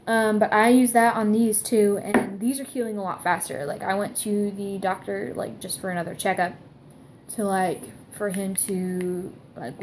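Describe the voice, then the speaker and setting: A young woman talks her way through a casual product review, rambling, restarting and leaning on "like" constantly. Her pitch sits in an ordinary middle range. A faint hiss of background noise sits under the home recording. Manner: chatty, heavy use of "like", rambling. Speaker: vlogger.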